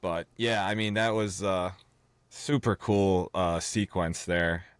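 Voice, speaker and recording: Low-voiced man chatting casually. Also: fairly even intonation, slow pace, clean tone, dry recording. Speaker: podcast co-host. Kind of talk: casual golf podcast chat.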